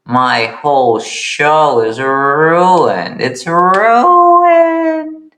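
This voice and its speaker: A man's voice: on the low side, measured pace, a bit bright, reverberant. A man voicing a bitter, self-pitying young man with no friends, talking in a sulky, sarcastic way in an improvised comedic character voice. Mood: sarcastic sulking.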